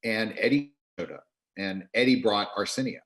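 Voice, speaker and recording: A man, a film director, talks over a video call in an interview. He tells his stories in an animated way, acts out what others said, and often restarts his sentences. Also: lowish voice, normal speed. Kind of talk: interview storytelling.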